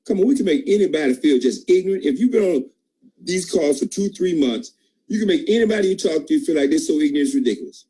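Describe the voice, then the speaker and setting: A man's voice: animated, fast, mellow, slightly rough, rough recording. A man giving an emphatic, preachy motivational pep talk to his sales team. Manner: emphatic, preachy, jumps in pitch. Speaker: team leader at a sales call.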